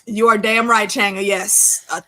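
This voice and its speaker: A woman hosting a relaxed discussion. Her voice is bright and forceful, set at a middle pitch. She speaks with playful emphasis. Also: unhurried. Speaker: host. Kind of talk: casual chat.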